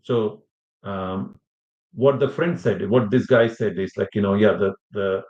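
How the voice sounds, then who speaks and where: A fairly low, slightly mellow male voice belongs to a language teacher lecturing a bit slowly. His talk wanders with lots of fillers and restarts as he questions his students, all captured in an echoey, muffled room.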